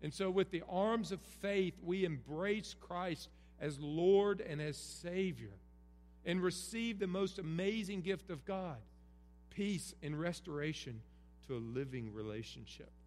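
A man's voice: high voice, measured pace, darkish tone. A middle-aged man, preaching an earnest Christmas Eve sermon with emphatic repetition. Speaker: pastor. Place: church sanctuary. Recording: roomy hall reverb, faint hum.

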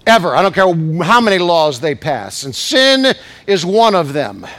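A man preaching a sermon as bishop, acting out scripture quotes and swinging between shouted climaxes and soft asides. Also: high voice, very animated, moderate pace. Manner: acts out scripture quotes in raised voice. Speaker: pastor.

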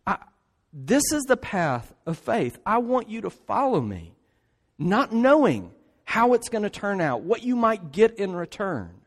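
A man's voice: high voice, big pitch swings, measured pace. A man preaching a sermon in an emphatic way, often tossing in rhetorical asides. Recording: long hall reverb.

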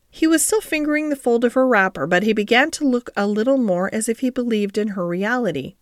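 A woman narrating a classic novel as an audiobook in an expressive, measured way. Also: medium pitch, no room sound, clean studio sound. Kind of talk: storybook narration.

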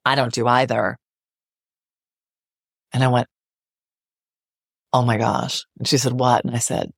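A woman's voice: extremely low pitch, little pitch movement, a little slow, vocal fry, pauses often, no room sound, clean studio sound. A middle-aged woman psychotherapist speaking as a guest in a podcast interview, earnest and emphatic, repeating phrases to drive her point home.

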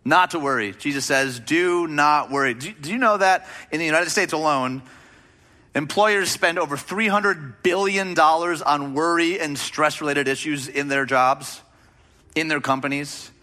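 A man's voice: fairly high pitch, a little slow, bright, forceful tone. A man preaching a sermon as a pastor, speaking in a conversational, emphatic way with rhetorical questions.

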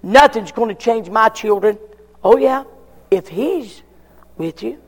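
Male preacher, high-pitched and slow, emphatic repeated questions, reverberant church. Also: animated. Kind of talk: sermon.

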